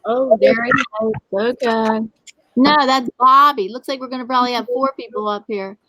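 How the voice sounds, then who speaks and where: A chatty woman hosting a casual livestream, with a high voice that sits forward and bright. She greets viewers by name as they join. The sound is dry and close, with no room around it. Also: fairly even intonation, normal speed, dry recording, low-quality recording. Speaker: livestream host. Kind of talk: casual live chat.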